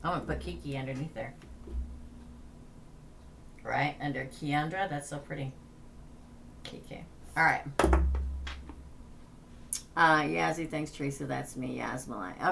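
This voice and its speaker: A woman's voice: sits low, unhurried, gravelly, long pauses, a bit bright, slight background noise. A woman tarot reader hosting a casual livestream, chatting, laughing and reading names off a list.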